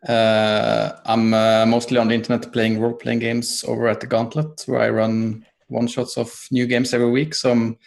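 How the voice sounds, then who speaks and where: Gravelly-voiced man, tabletop player, halting speech full of fillers. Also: medium pitch, completely flat delivery. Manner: hesitant, many fillers. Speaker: tabletop game player and one-shot runner. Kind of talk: casual self-introduction.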